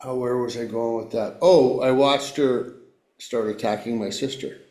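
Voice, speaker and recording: Guy hosting a podcast, kinda halting, restarts a lot, mid voice, echoey room. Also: mid-range voice, steady tone, warm tone. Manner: halting, with restarts and trailing questions. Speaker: podcast host. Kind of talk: conversational interview. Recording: roomy echo.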